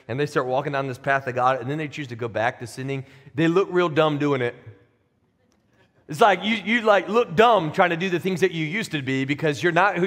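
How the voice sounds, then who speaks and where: Male pastor, conversational sermon delivery with emphatic builds, slightly higher voice, long church-hall reverb. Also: a bit bright. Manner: conversational preaching, rising emphatic peaks. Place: church sanctuary.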